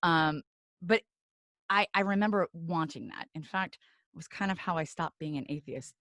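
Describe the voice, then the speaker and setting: A woman co-hosting a podcast in casual chat, playful and quick to laugh. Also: low-pitched, a bit bright, no echo, clean studio sound. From grew up in a small town. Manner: chatty, laughs often, playful asides. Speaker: podcast co-host. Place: San Francisco.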